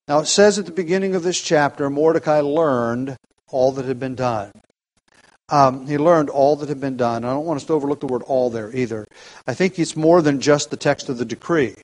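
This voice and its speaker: A man in a mid-range voice leads an evening Bible study. He teaches in a measured, reflective way, often restarting sentences and pausing on fillers. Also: medium pitch, darkish tone. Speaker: pastor leading a Bible study.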